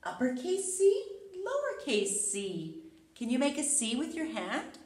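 A woman's voice: sits high, unhurried. A woman preschool teacher giving a playful letter lesson and reading a book aloud to young children. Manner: animated, playful, sing-song. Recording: roomy echo.

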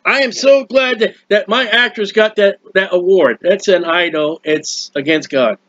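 Middle-aged male lay preacher, high voice, excitable rambling sermon, dull dry lo-fi recording. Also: normal speed, no room sound. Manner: animated, rambling, exclamatory. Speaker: preacher of a hymn channel. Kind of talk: impassioned home sermon. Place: at home.

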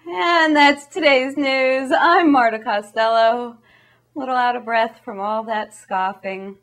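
Brief: sarcastic woman comedy news host, slightly high voice. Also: a little slow, a bit bright. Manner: breezy, sarcastic. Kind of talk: satirical news presenting.

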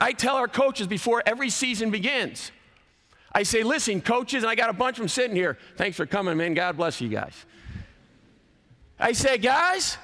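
In a large college chapel with a long hall reverb, a college athletic director and speaker in his fifties delivers an emphatic sermon. His voice is high, pushed and bright, and he swings it up and down for effect.

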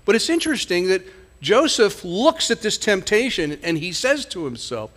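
Male pastor, high and bright-toned, conversational sermon delivery full of rhetorical questions. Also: big pitch swings, normal speed.

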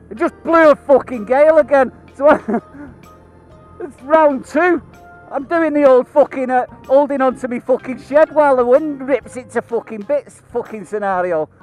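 A man's voice: very high-pitched, a little slow, a little mellow, faint music behind, rough recording. A man with a British accent chatting casually to camera as a biker vlogger, laughing often, swearing constantly and rambling between asides. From United Kingdom. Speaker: motorcycle vlogger.

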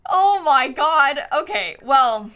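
A young woman livestreaming a game with a high, bright voice that jumps all over the place. She chats with her viewers, giggles a lot and keeps thanking them, speaking through a headset. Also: sing-song, takes it slowly. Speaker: streamer. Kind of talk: live game stream chat. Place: home streaming setup.

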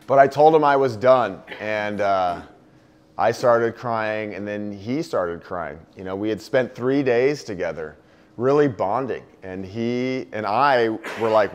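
A man giving a talk to an audience, telling a personal story in an earnest, heartfelt way, his voice dropping low and soft on the sad parts. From United States. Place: indoor venue with a live audience.

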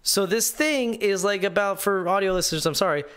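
Male gaming host, sarcastic live rant, somewhat high voice, rambling. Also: a little fast, a bit bright, clear, resonant tone. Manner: sarcastic and incredulous, reads viewer comments aloud; rambling with many restarts and fillers.

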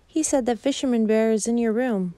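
A woman voicing Mother Bear, a gentle and kind mother bear, in a soft raised motherly voice. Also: fairly high pitch, brisk, no room sound, pitched above the performer's own voice, lightly acted.

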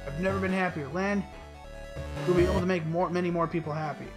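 A man voicing a calm, loyal male digital companion who speaks softly and steadily. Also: high-pitched, fast, natural voice. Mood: tender. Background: game music.

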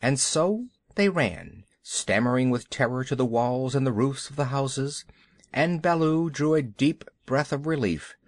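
A man narrating a children's audiobook in an expressive, unhurried storytelling manner. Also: medium pitch, no echo.

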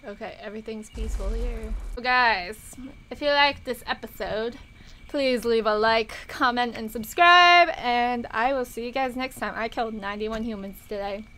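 A woman talking through a video game in a casual, excitable way, often shrieking and cursing at what happens on screen. Her voice sits a little high and sounds bright and tense. A faint hiss of noise lies under the recording. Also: moderate pace, poor audio. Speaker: gaming YouTuber. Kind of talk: casual gameplay commentary.

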